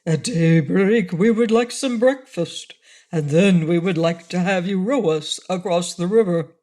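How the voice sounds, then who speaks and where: A woman's voice: fairly low pitch, a little slow, warm tone. A large talking frog from a children's storybook, a courteous male who asks for things formally and projects his voice, as a woman reader puts him on. He speaks slightly raised and polite, with a storybook fairness. The sound is close and plain.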